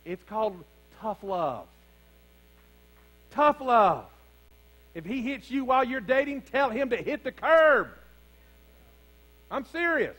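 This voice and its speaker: Man, pastor, preaching a sermon, high-pitched voice, faint hum behind. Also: sing-song, slow, pauses often, a bit bright, low-quality recording. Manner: preaching with rising fervor, calls to the congregation. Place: church sanctuary.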